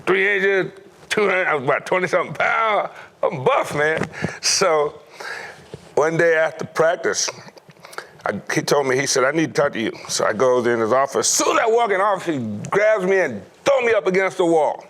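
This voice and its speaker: A middle-aged former pro football player telling stories from his youth in a lively way, laughing often. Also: on the high side, moderate pace. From United States. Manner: animated storyteller, acts out quoted voices, laughs often. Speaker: former NFL player, guest. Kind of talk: storytelling interview.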